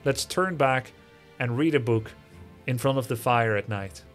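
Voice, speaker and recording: A man's voice: mid-range voice, normal speed. A man streaming live, reading viewer messages aloud with a sarcastic, mocking, theatrical manner, faint music behind him. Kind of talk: livestream reading chat messages.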